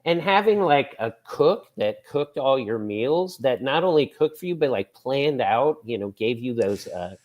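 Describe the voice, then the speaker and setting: A man calling in to a talk show, friendly and relaxed, pausing with fillers. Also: mid-range voice. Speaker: caller. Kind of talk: casual call-in chat.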